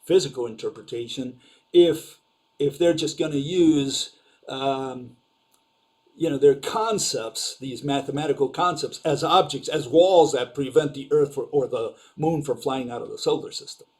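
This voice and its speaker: A man's voice: medium pitch, a little slow. A man giving an informal, sarcastic lecture over slides, questioning ideas and using lots of fillers.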